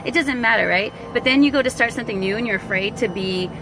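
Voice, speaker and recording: A woman talking casually to viewers on a live stream, animated and slangy, acting out what people said and laughing often. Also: a little high, fast, music in the background, low-quality recording. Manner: animated, slangy, laughs a lot, acts out quotes. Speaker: online business vlogger.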